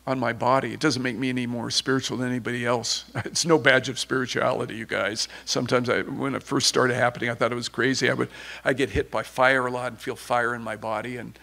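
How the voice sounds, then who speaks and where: A man's voice: mid-range voice, steady tone, a little fast, vocal fry, pushed and bright. A man preaching an informal sermon, conversational and rambling with many restarts, turning fervent at times.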